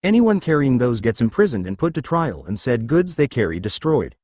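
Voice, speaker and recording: A man's voice: medium pitch, sing-song, moderate pace, darkish tone, no room sound. Brief: easygoing young ogre prince, jovial, read by a man in his own voice, dry sound. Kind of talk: fan fiction reading.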